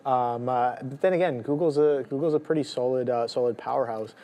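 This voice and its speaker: Mellow-voiced man running down tickers. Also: medium pitch, fairly quick. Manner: rambling, lists tickers with many fillers. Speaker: trading show co-host. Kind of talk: live market commentary.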